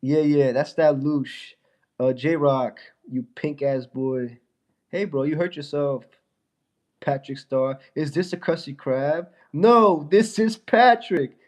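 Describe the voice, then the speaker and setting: A man's voice: mid-range voice, mellow. A young man on a casual livestream with a stuffy nose from a fever, mocking and trash-talking a viewer in his chat.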